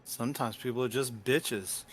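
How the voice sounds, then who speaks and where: A man's voice: mid-range voice, normal speed, breathy edge. A man playing a tabletop game, making wry, joking remarks. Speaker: player.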